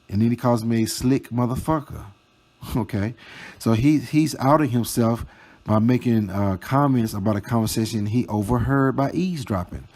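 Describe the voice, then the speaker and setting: A man telling a storytime vlog, reading out chat screenshots in a slow, mocking, profane way. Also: medium pitch, a little mellow. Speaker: storytime vlogger.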